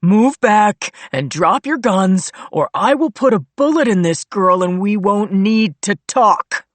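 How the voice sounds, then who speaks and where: A brash young male killer makes threats in a loud, slow voice, put on by a woman narrator. He is cocky and menacing, in a thriller audiobook. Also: lowish voice, lively intonation, dry recording, full character voice. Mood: threatening.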